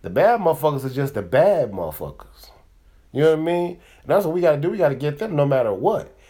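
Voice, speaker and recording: A man's voice: a little high, sing-song, fast, dark tone, husky. A man hosting a comedy podcast, speaking in a rambling, profane, heated monologue full of fillers and restarts. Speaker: podcast host. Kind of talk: casual monologue.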